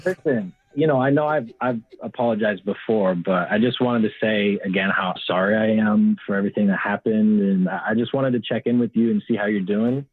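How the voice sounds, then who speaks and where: A man's voice: on the low side, fairly quick, hardly any pauses. A man calling in to a radio show, talking hesitantly with many ums and restarts. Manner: hesitant, stammering, full of ums. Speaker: caller. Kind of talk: phone call to a radio show. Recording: dry tinny phone line.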